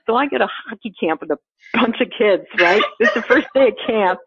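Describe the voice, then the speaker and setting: A woman telling a funny personal story in casual chat, animated and laughing often, acting out the quotes. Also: a little high, a little fast, background noise. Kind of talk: casual anecdote. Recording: phone-like narrow sound.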